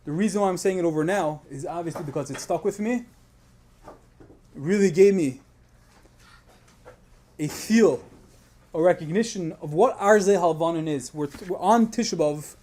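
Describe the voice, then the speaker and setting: A man's voice: high voice, normal speed, long pauses. A man giving a Tisha B'Av sermon, telling a moving story with passion and rising intensity, sprinkling in Yiddish and Hebrew terms. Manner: builds to loud impassioned storytelling, Yiddish and Hebrew terms woven in.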